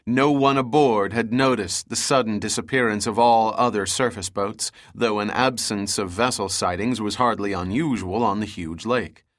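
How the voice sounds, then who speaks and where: A man's voice: lowish voice, normal speed, hardly any pauses, fairly bright tone, no room sound, clean studio sound. Man narrating an audiobook.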